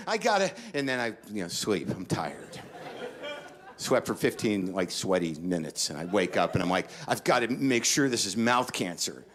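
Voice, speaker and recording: A middle-aged man doing stand-up, telling a story in a neurotic, profane rant and jumping up into panicked quoted lines. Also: fairly low pitch. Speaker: stand-up comedian.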